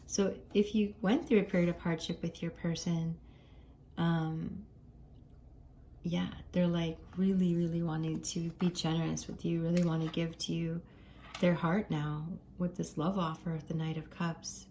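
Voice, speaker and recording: An American woman talks viewers through a tarot reading in a gentle, chatty way, laughing easily as she goes. Her voice sits a little low and sounds mellow and warm. The mood is casual and friendly. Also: little pitch movement, unhurried, a little hiss or hum. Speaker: tarot card reader.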